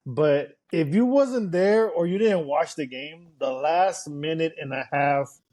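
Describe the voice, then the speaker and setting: A man's voice: fairly high pitch, slow pace, a little mellow. A man co-hosting a podcast, eagerly recapping a football game in casual chat. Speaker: podcast co-host.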